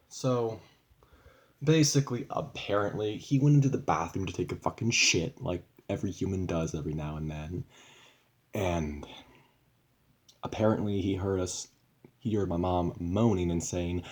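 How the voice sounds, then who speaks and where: A young man talks straight to his camera in a loose, rambling vlog, swearing often and sounding fed up. His voice sits fairly low for a man. He restarts sentences and piles on asides as he vents. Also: normal speed, pauses often. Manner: rambling, profane, frustrated. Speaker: vlogger. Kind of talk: casual venting vlog.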